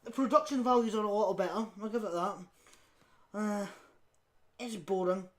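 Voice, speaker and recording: Podcast co-host, woman, mid-range pitch, casual cursing film critic, often laughing. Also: normal speed. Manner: blunt, scathing, laughing often; swears casually. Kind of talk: casual film review chat.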